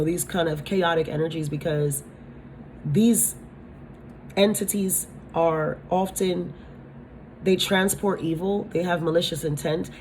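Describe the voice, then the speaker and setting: Blunt, low-voiced woman giving a spiritual reading. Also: darkish tone, a little hiss or hum. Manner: blunt, swears freely, asks "you understand?". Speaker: tarot reader.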